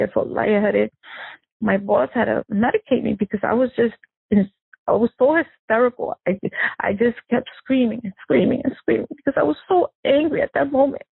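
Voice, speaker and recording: A woman tells her story in a halting, distressed way, stopping and restarting often. Her voice is gravelly and husky. It comes through a narrow, dry, phone-like line. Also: on the high side, dry recording. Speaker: victim's sister recounting events. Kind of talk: emotional personal interview.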